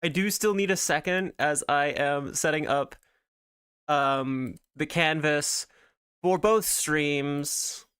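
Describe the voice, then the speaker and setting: Chatty streamer drawing on a livestream, smooth clear voice, mid pitch, lots of little asides. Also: takes it slowly, fairly bright tone. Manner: chatty, greets viewers by name, rambling asides. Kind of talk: casual livestream chat while drawing.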